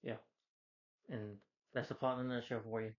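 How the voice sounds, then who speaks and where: Brief: male reviewer, mid pitch, rambling and eager, muffled lo-fi sound. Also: flat delivery, normal speed. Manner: rambling, enthusiastic plot retelling. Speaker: film reviewer. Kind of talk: casual film review.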